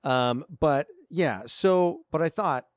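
A man's voice: a little high, slow pace, smooth, no echo, clean studio sound. A man in his thirties co-hosting a holiday podcast in casual, upbeat chat. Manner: chatty and upbeat, with frequent fillers. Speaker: podcast co-host.

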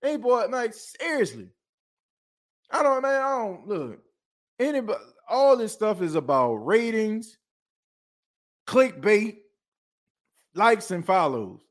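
A podcast host in a fired-up sports talk rant, animated and preachy, calling his listeners folks. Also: high voice, slow pace, pauses often.

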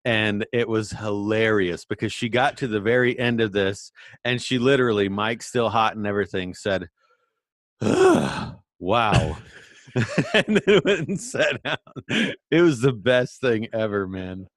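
A laid-back male co-host with a dry sense of humor, speaking very slowly in a lowish voice. His cheap mic gives a dry, close sound with no room around it. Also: no room sound. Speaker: podcast co-host. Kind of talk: casual chat. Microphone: cheap budget mic.

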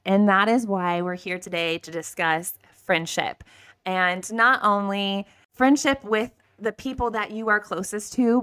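A woman with an Ohio accent co-hosting a podcast, telling stories in an animated casual chat. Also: mid-range voice, smooth. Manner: animated storyteller. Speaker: podcast co-host.

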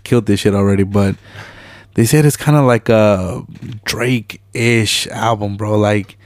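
A man's voice: lowish voice, unhurried, no room sound. A man co-hosting a podcast in loose, joking slang chat, often saying "you feel me" between fillers. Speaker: podcast co-host. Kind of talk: casual chat.

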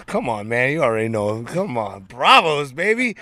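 A man's voice: medium pitch, sing-song, normal speed, pushed and bright, dry recording. A man from San Francisco telling stories as an interview guest, laid-back and streetwise, with plenty of slang and swearing. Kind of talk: casual storytelling interview.

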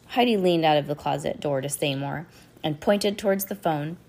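A woman's voice: lowish voice, normal speed, gravelly, a little mellow. A woman who is a little sick reading a children's chapter book aloud and chatting about the story between passages. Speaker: reader.

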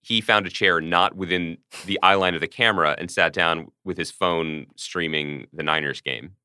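A man's voice: low-pitched, moderate pace, clean tone, dry recording, clean studio sound. A man co-hosting a podcast, telling wry stories in a casual chat. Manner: wry, animated storytelling. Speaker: podcast co-host.

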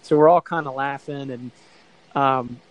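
A man's voice: mid-range voice, fairly even intonation, measured pace, lo-fi sound. Middle-aged male guest, rambling casual storyteller, mid-range voice. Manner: rambling, self-correcting storyteller who acts out quoted voices. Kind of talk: casual anecdote telling.

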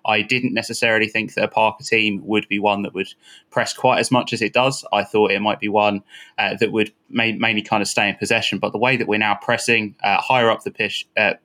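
Bright-voiced man analysing football. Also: on the low side, level tone. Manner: thoughtful, measured, some restarts. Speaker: podcast co-host. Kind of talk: football analysis, casual chat.

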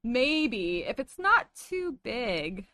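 A woman acting out a small teenage boy in a read-aloud fan story, bright and bouncy with a voice that leaps all over. He is eager, whiny and quick to bristle, captured close and dry. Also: on the high side, big pitch swings, no room sound, heavily acted. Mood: hesitant. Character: small energetic teenage boy volleyball player.

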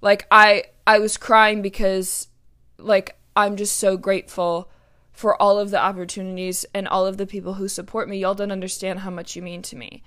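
A woman's voice: mid-range voice, level tone, normal speed, fairly bright tone. A young woman hosting her own podcast, talking casually, earnest and emotional, with lots of fillers and restarts. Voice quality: chatty, many fillers and restarts. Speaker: podcast host. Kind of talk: casual solo podcast chat.

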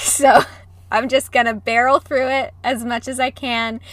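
Giggly high-voiced woman, bright tone. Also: no room sound. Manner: giggly, apologetic. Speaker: podcast co-host. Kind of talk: casual chat. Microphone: podcast mic over video call.

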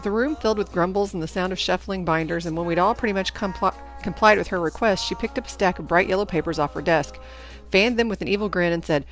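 A woman reading a novel aloud in first-person narration, with an even storytelling delivery. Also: lowish voice, a little fast, soft background music. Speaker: audiobook narrator.

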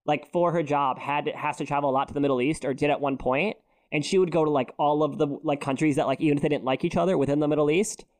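A non-binary podcast co-host chatting casually, rambling through stories with lots of "like" and quick asides. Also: medium pitch, steady tone, a little mellow. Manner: rambling storyteller, heavy use of "like". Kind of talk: casual chat. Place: podcast recording.

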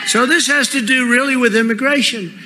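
A man giving a rally speech into a podium microphone, emphatic and repetitive, with bursts of shouting. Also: very high voice, fairly quick, over a noisy crowd, very noisy. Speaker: political speaker. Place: large rally venue.

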